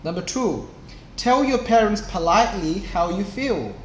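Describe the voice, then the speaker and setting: A young man who teaches English, reading a storybook aloud slowly and clearly to children. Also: high voice, expressive. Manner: slow and clear, with small voices for the book's characters. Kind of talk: slow read-aloud lesson for kids. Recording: echoey room, faint background noise.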